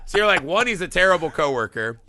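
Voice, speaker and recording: Speaking fast in a higher-pitched voice, a man co-hosting a film podcast swears freely and keeps things lively. He slips into impressions to act out characters.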